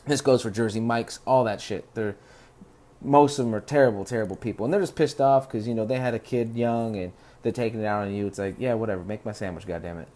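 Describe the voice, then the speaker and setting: A man's voice: mid-range voice, a little fast, a little mellow. Dude rambling on his podcast, swears a lot, laid-back storytelling. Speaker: podcast host. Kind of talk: casual rambling monologue.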